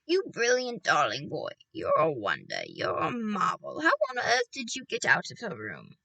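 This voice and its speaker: Storybook granny, old and loving, deep and slow. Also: female voice, wildly swooping pitch, creaky, dry recording, full character voice. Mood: tender. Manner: slow, low and warm-hearted.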